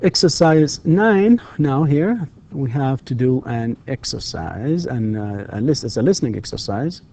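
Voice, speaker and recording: A man's voice: medium pitch, lively intonation, unhurried, a little mellow. A man whose first language is Arabic, giving a recorded university English lecture and patiently repeating example questions. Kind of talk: recorded distance-learning lecture.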